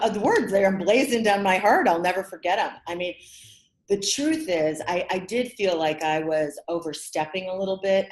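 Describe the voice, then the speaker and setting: A middle-aged woman from the American Midwest, a podcast guest telling her career story in an animated, expressive way and acting out quotes. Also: on the low side. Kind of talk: conversational storytelling. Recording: roomy echo.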